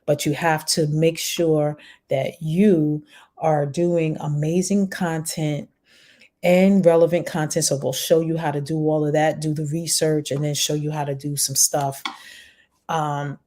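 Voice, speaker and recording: Fast-talking New York woman, mellow voice. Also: sits low, little pitch movement. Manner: fast-talking, encouraging, chatty. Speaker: online business coach. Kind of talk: casual live-stream talk to viewers.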